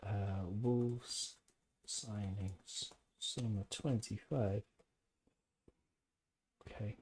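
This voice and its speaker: A man's voice: medium pitch, dark tone. A man hosting a casual live-stream podcast from home, reading out chat comments and rambling with opinionated, jokey asides.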